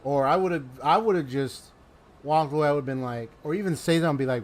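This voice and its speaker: A man casually commenting on a game he is playing, animated and slangy, laughing often. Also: fairly high pitch, brisk. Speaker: let's play host.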